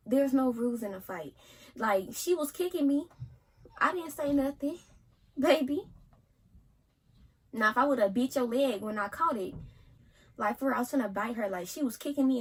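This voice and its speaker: A teenage girl, casually telling a story in an animated way for a vlog. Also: on the high side, brisk, husky, poor audio. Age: teens. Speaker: vlogger.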